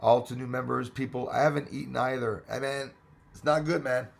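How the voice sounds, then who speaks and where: A man's voice: mid-range voice, fairly even intonation, brisk, gravelly. A man hosting a casual live stream, chatting with viewers, greeting them by name and laughing often. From Australia.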